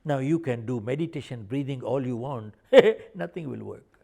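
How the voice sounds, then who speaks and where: A man's voice: medium pitch, lively intonation, normal speed, gravelly, mellow. An older man, an author and speaker, telling stories in an interview and driving his points home by repeating them. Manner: emphatic, repeats points for stress. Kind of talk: animated interview storytelling.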